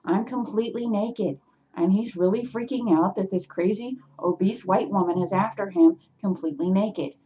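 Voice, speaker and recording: A woman telling an animated story to her webcam at home, getting loud and worked up as she goes. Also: medium pitch, moderate pace, highs cut off, a little hiss or hum. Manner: animated, swings into loud agitated retelling. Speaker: vlogger.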